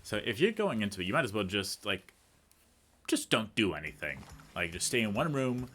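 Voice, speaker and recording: A man's voice: lowish voice, big pitch swings, normal speed, a bit bright, soft background music. A man giving casual, rambling commentary over a video game he is playing, full of tangents and self-deprecating jokes. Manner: rambling, chatty, goes off on tangents; self-deprecating, jokey asides. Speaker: let's play commentator.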